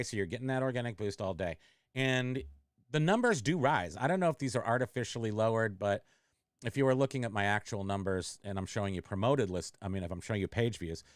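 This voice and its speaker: A man's voice: fairly low pitch, no room sound, clean studio sound. A middle-aged man hosting a casual livestream, rambling and interrupting himself as he reads chat comments aloud. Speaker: online reseller and livestream host.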